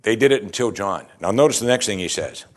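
Low-voiced man teaching scripture conversationally. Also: animated, fast talker. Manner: asks the listeners rhetorical questions; informal, chatty retelling of scripture. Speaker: Bible teacher.

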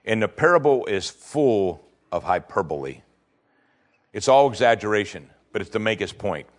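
Man preaching with big pitch swings. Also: sing-song, moderate pace. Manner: preaching with wide swings in pitch, rising to emphatic questions. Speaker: pastor. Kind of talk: sermon.

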